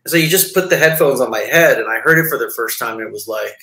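Man from Montreal, forties, rambling chat, lots of fillers, bright voice, echoey room. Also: medium pitch, fast, creaky. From Montreal, Canada. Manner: rambling with many fillers and restarts. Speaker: music label founder, guest. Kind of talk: casual interview chat.

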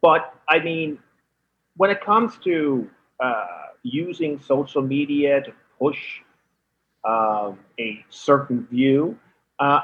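A man from Canada, a comedian calling in as a guest, telling anecdotes in an animated way, laughing and slipping into voices. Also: mid-range voice. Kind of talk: anecdotal storytelling. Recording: lo-fi phone-in line.

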